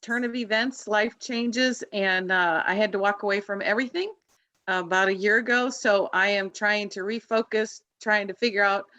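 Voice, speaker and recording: A woman in her sixties introduces herself and her business on a video call. She sounds earnest and slightly hesitant, with a bright, crisp tone and very dry sound. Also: medium pitch, fairly even intonation, normal speed, dry recording. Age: 60s. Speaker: marketing business owner. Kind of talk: casual group video call.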